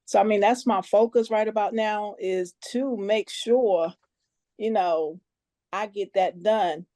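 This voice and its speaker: A woman's voice: medium pitch, fairly even intonation, slow, mellow, dry recording, studio quality. A woman sharing her story on a business call, earnest, plain-spoken and a little nervous. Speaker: guest team member sharing her story. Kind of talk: casual testimonial on a conference call.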